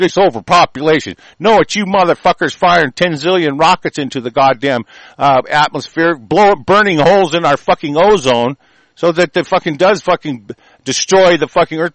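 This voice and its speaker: A man's voice: fairly high pitch, fairly bright tone, no echo. A man delivering a heated, rambling rant, swearing constantly and stumbling over restarts. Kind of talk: angry profane rant.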